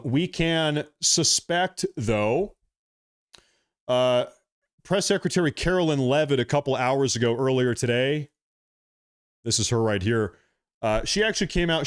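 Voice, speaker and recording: A man hosting a political live stream, talking agitated and repetitive and speaking straight to his viewers. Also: mid-range voice. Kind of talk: casual live-stream commentary.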